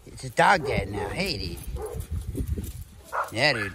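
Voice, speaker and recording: A man filming and chatting playfully about his dogs and their puppies, excited and using baby talk with them. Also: on the low side, slow pace, slight background noise. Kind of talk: casual vlog commentary.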